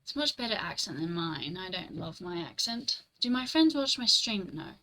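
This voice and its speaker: A woman's voice: on the low side, big pitch swings, moderate pace, bright, forceful tone, slight background noise, rough recording. A young woman streamer in casual, rambling chat, reading and answering her chat, swearing casually and laughing often.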